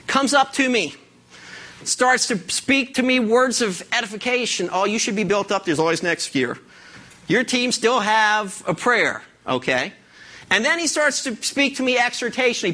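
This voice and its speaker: A male pastor delivers a lively, conversational sermon with a high, bright, forceful voice. He keeps stepping into the voices of imagined listeners to make his point. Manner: animated, acts out imagined listeners.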